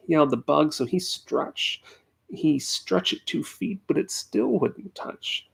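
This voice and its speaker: A man reading a children's rhyming story aloud at home into a desk USB microphone, giving the characters lively voices. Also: fairly high pitch, a little slow, vocal fry. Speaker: reader. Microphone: USB desk microphone on a tripod.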